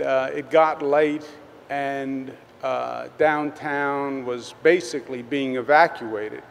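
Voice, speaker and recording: A man with a Queens New York accent, a state governor giving a conversational public speech at a press event, halting with many fillers. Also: medium pitch. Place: public event at a tunnel site. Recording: long reverb, faint background noise.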